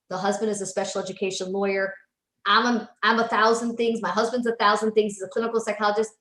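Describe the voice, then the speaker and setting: A woman in her fifties, a psychologist guest, telling stories in a casual, animated way and often restarting her sentences. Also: on the high side. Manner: animated storyteller, quick restarts. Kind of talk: casual interview chat. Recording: roomy echo.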